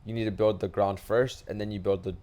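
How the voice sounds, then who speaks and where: A man co-hosting a podcast in casual chat, animated and swearing freely. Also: on the low side, a little fast. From Hispanic family in the United States. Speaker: podcast co-host.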